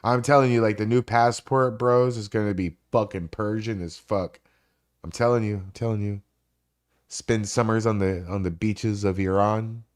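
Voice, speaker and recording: A man in his forties with a lowish voice chats on a live stream, swearing freely as he rambles. He jumps from one story to the next with animated, loose energy. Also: normal speed. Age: 40s. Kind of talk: casual live-stream chat.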